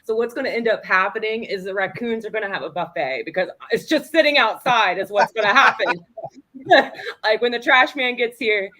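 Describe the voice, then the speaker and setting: A woman co-hosting a casual chat, blunt and quick to swear, then apologizing for interrupting. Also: fairly high pitch, pushed and bright. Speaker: podcast co-host.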